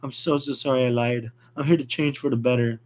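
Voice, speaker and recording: A man's voice: medium pitch, steady tone, brisk, darkish tone, a little hiss or hum, natural voice. A man doing Artie, a guilty pleading young man. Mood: remorseful.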